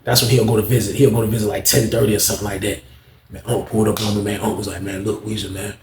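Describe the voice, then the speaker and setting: Brief: casual male storyteller, quick, slangy, acts out voices, echoey room. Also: lowish voice, a little hiss or hum. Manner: animated, slangy, acts out every voice. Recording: roomy echo.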